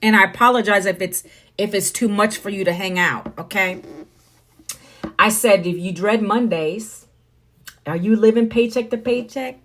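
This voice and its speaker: A woman's voice: medium pitch, normal speed, a little hiss or hum. A middle-aged woman from the United States, talking bluntly and preachily to viewers on a phone live stream. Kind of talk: casual live-stream monologue.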